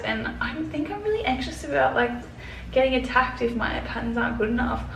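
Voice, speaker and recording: A young woman vlogs from her bedroom, stressed and close to tears, rambling anxiously and swearing. Her slightly high voice has a lot of fry. The room echoes audibly on the camera mic. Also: fairly quick. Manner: anxious, rambling, swears often, many "like" fillers. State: tearful and stressed. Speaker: sewing pattern designer. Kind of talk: casual vlog to camera. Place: bedroom at home. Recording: echoey room with faint background noise.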